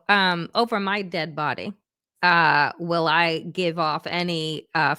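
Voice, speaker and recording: A woman's voice: lowish voice, pushed and bright, dry recording. Fierce profane woman, dry close sound. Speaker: podcast co-host. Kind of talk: impassioned political commentary.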